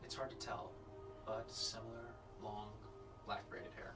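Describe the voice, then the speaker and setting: A man narrating a tabletop game as game master in a relaxed, descriptive way. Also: on the low side, measured pace. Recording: distant mic, background music.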